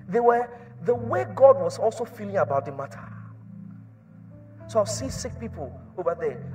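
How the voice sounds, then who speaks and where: High-voiced male preacher, hushed to shouting. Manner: repetitive, swings from hushed to shouting. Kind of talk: sermon.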